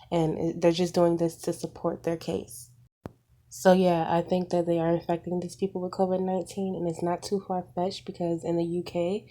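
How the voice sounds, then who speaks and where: A woman's voice: on the low side, dark tone. A young woman vlogger speaking to camera in an angry, emphatic way, piling up rhetorical questions. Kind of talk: impassioned opinion vlog.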